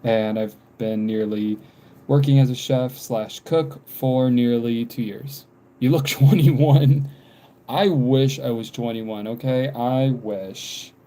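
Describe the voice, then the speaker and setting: Doodling on a livestream, a twentysomething American vlogger talks slowly in a dark, medium-pitched voice with a steady tone. His casual chat rambles, loops back on itself, and is full of ums.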